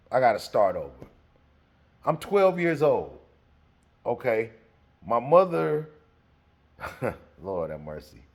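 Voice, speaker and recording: A man telling a story in a casual way, animated and laughing as he acts out the scene. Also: lowish voice, slightly rough.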